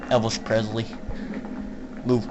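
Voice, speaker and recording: A young man giving casual, joking commentary while playing an online horror game, swearing and laughing often and shouting when startled. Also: fairly low pitch, little pitch movement, drawn-out words, background noise. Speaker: gaming YouTuber. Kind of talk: casual let's-play commentary.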